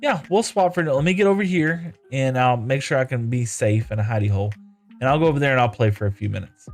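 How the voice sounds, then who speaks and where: A man's voice: mid-range voice, quick pace, faint music behind. A man chatting casually while streaming a building game, reading viewer comments aloud and thanking viewers. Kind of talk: casual live-stream chat while playing.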